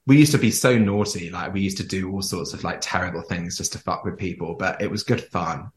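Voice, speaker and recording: Man, from jersey, camp and animated storyteller, fairly low voice, echoey room. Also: brisk. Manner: camp, animated, laughs often while telling stories. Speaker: podcast guest. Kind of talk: casual storytelling interview.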